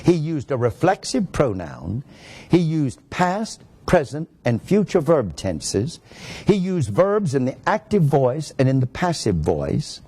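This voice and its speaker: A man's voice: a little high, very animated, slow, a little mellow, slightly rough. A man, a pastor, teaching a sermon that explains grammar step by step and stresses his points.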